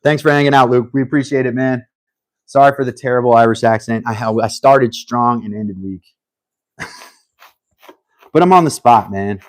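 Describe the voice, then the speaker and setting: A man hosting a casual live stream, thinking aloud while he works, humble and a little halting, with frequent restarts. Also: mid-range voice, no echo.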